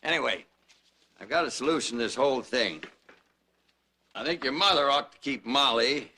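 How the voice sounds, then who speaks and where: A man's voice: mid-range voice, expressive, normal speed, pushed and bright, breathy edge. An actor playing a commanding, no-nonsense man in a sitcom. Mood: bossy.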